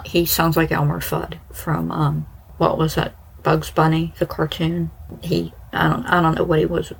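Low husky-voiced woman podcast host. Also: rough recording. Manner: chatty and informal, many "like" fillers and asides. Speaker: true crime podcast host. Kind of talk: casual storytelling narration.

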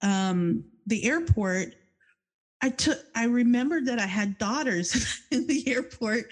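Chatty middle-aged woman telling a story. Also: on the high side. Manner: chatty, self-deprecating, laughs often. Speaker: podcast host. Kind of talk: personal storytelling.

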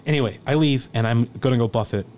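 A man's voice: mid-range voice, fast talker, darkish tone, slight background noise. A man in casual podcast chat, telling rambling, profane stories and acting out quoted voices.

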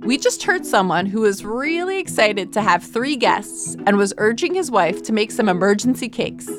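A woman's voice: mid-range voice, sing-song, normal speed. A woman hosting a children's show, narrating in a playful, jokey, teacherly way. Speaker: kids' show host. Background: background music.

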